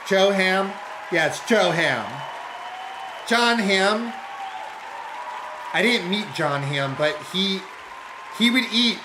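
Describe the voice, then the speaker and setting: A man's voice: high-pitched, sharp tone, a little hiss or hum. A man streaming and chatting casually, rambling through anecdotes and putting on other people's voices.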